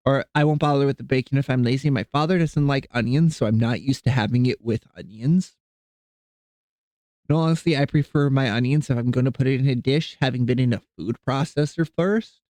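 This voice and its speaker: A man chats loosely with viewers on a live stream, rambling from one thought to the next in an easygoing way. His voice sits at an ordinary middle pitch, recorded close and dry with almost no room sound. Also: no room sound. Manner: rambling, easygoing, chatting with viewers while cooking; softens and coos when talking to his cats. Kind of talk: casual live-stream chat.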